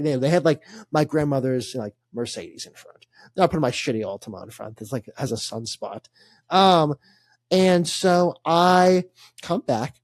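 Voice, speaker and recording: A man's voice: fairly high pitch, a little mellow, no echo. A young man, co-hosting a casual sports podcast and telling a rambling story full of laughs and fillers. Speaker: podcast co-host.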